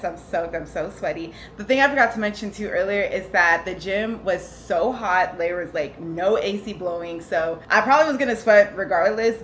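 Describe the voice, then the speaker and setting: A woman's voice: lowish voice, rough recording. A woman vlogging casually to camera outdoors, chatty and upbeat, often addressing viewers as y'all. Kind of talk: casual vlog chat to camera. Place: outdoors on the street and on a rooftop. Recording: loud street noise behind.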